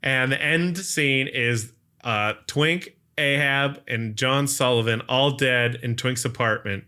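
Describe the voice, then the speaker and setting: A man co-hosting a podcast, recapping a film in a rambling casual way, full of "like" and quick acted-out lines. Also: mid-range voice, bright, forceful tone, clear, resonant tone. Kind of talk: casual chat.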